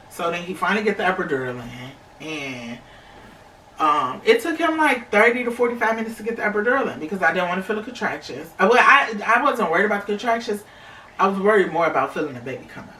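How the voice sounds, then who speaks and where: Young woman vlogger, chatty, talks straight to viewers; bright tone, recorded in a roomy space. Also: on the low side, animated, fast, slight background noise. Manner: chatty, many fillers, addresses viewers as y'all. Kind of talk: casual storytelling to camera. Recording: echoey room, slightly distant mic.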